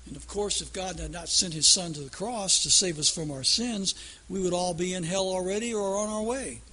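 A man's voice: high voice, moderate pace, bright, forceful tone. A man preaching a sermon in a folksy storytelling way that builds to emphatic declarations.

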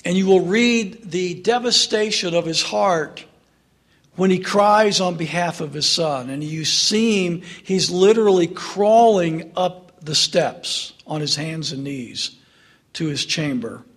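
A man delivers a sermon in a high voice at a slow, deliberate pace. He tells the story dramatically, sinking to hushed tones in sorrowful passages and rising to press his listeners for answers. His delivery is that of a pastor.

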